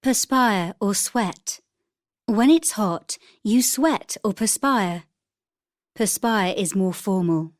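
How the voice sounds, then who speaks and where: A woman reading vocabulary words and example sentences for a textbook in a clear, deliberate manner. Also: medium pitch, no room sound, clean studio sound. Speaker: textbook audio reader.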